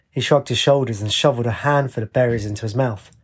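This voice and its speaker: A man reads a story aloud at an even, steady pace. His voice sits in a middle register with a husky grain to it. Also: mid-range voice, fast talker. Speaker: narrator. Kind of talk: storybook narration.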